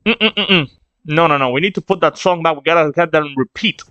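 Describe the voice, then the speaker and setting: A man hosting a manga reaction video, reading panels aloud with sudden excited outbursts. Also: a little high, quick pace, clear, resonant tone, no room sound, lo-fi sound. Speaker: reaction channel host. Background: faint drum music.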